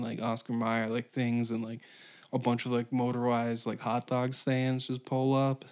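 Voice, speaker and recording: A man's voice: medium pitch, flat delivery, normal speed, darkish tone. A man hosting a solo comedy podcast, ranting in a crude, profane, rambling way. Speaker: podcast host.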